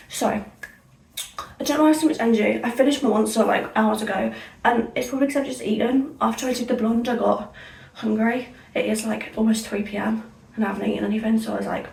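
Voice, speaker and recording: Young woman, rambling casual vlog chat, higher voice, gravelly, echoey room, off-mic. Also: a little mellow, recorded from a distance. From Somerset, England. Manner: rambling, self-correcting and chatty. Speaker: vlogger.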